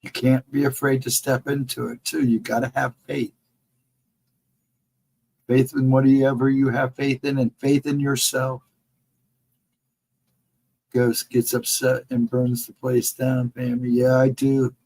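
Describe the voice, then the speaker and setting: Husky man giving earnest encouragement. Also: medium pitch, little pitch movement, a little slow, pauses often, a little mellow, poor audio. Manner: earnest, encouraging, repeats advice. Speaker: livestream co-host. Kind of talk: casual supportive chat.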